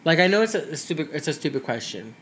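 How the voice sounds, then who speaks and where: A man co-hosting a casual podcast chat, excitable and rambling, with playful asides. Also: fairly high pitch, fast talker, slight background noise. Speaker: podcast co-host.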